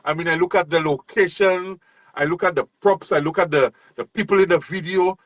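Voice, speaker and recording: Relaxed male host, dull dry sound. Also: sits high, brisk, dry recording. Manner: relaxed, encouraging, hesitant restarts. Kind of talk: casual interview chat. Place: overseas, remote.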